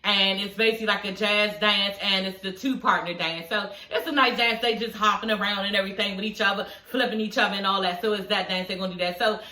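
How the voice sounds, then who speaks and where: A young adult woman giving a casual, animated recap of a TV episode, talking straight to her viewers and swearing freely. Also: mid-range voice, fast, few pauses, roomy sound, recorded from a distance, rough recording. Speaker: TV episode reviewer.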